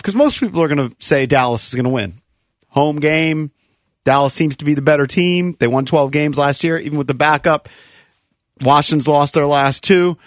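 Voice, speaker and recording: A male sports radio host with a fairly high voice, recorded dry and close. He pitches the next segment with energetic, promotional drive. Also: moderate pace, no room sound.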